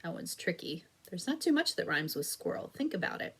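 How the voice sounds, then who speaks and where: A woman teacher giving a recorded phonics lesson to young children, encouraging and patient, drawing words out slowly as she claps syllables. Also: fairly low pitch, big pitch swings, vocal fry, a bit bright, husky. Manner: slow, stretched-out clapping of syllables.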